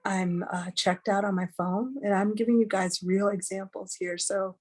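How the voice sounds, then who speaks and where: A woman's voice: medium pitch, steady tone, normal speed, darkish tone. A middle-aged woman giving a candid, chatty teaching talk on a video call, earnest and full of fillers. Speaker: webinar speaker.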